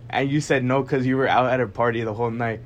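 A young man co-hosting a casual podcast, rambling through a story with "like" in almost every phrase. His voice sits in an ordinary middle pitch. Faint noise hums behind him. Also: fairly even intonation, quick pace, dull audio. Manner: rambling, heavy use of "like". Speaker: podcast co-host. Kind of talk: casual chat.

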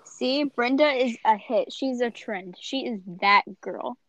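A playful woman chiming in, fairly high voice. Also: unhurried, a bit bright, no echo, poor audio. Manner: playful, quippy asides. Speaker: podcast co-host. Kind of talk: casual chat.

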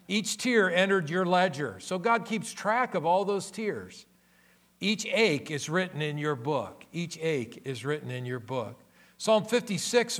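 An older man preaching a sermon as a pastor, earnest, his voice swelling louder on key phrases. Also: on the high side.

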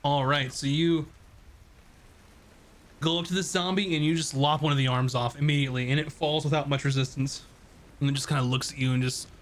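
A man's voice: fairly high pitch, steady tone, a little fast, pauses often. A man running a tabletop game as game master, narrating the action in a loose, casual way with many fillers.

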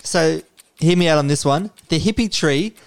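A man's voice: on the high side, moderate pace, creaky. A man hosting a podcast, quizzing his co-host in a playful, casual way and calling him mate. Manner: playful, swearing, uses "mate". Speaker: podcast host running a quiz. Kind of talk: casual chat.

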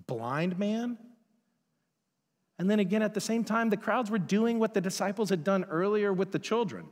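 A man's voice: sits high, lively intonation, fairly quick. A man preaching a sermon as pastor, casual and conversational, telling stories and acting out the people in them. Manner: casual, conversational, acts out quoted voices. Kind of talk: sermon with storytelling. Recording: long hall reverb.

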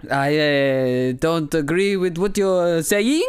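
A man putting on a halting French professor. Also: a little high, clear, resonant tone, dry recording, clean studio sound. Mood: hesitant. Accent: put-on French. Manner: halting, full of uhs. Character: bumbling male French professor, hesitant.

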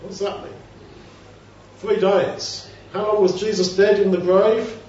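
A man with a high, level, somewhat dark voice preaches a little slowly, his sermon conversational, full of rhetorical questions and acted-out quoted voices. The distant mic in a very echoey hall gives a dull sound with some hiss or hum.

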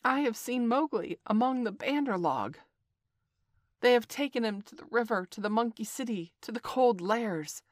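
A woman voicing a male kite bird in a storybook reading, calling out high and loud as an urgent messenger. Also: animated, normal speed, dry recording, studio quality, natural voice.

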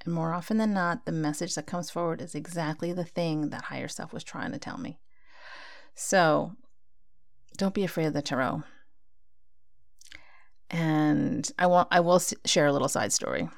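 A woman's voice: low voice, normal speed, gravelly, pauses often. A woman giving a casual spiritual talk, speaking conversationally and acting out her own inner dialogue.

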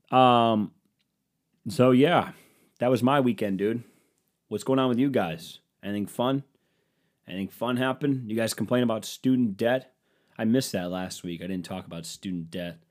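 A man's voice: low-pitched, darkish tone. A man doing a rambling comic monologue, sarcastic and profane with mocking asides.

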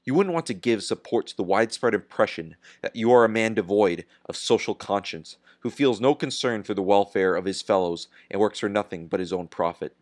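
A man voicing an elderly judge who speaks in a smooth, mocking tone. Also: on the low side, brisk, few pauses, natural voice. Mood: derisive. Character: eldest male judge, suave and derisive.

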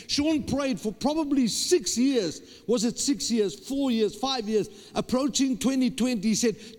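A man's voice: extremely high pitch, moderate pace, few pauses. A man, a pastor preaching a sermon with emphatic repetition and stammered restarts. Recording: long hall reverb.

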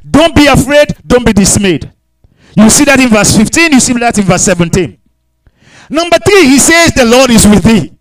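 Emphatic high-voiced male preacher. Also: poor audio. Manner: emphatic, repetitive preaching with sudden shouts and hushed asides; speaks in tongues between points. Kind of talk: sermon.

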